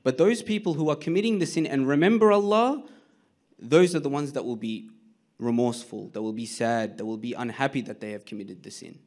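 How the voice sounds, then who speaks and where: A man's voice: mid-range voice, a little fast, a little mellow. A man with an Australian accent giving an earnest sermon to a congregation, retelling an old narration with quoted dialogue and addressing the listeners directly. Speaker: speaker giving a nightly religious talk. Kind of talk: sermon-style storytelling talk.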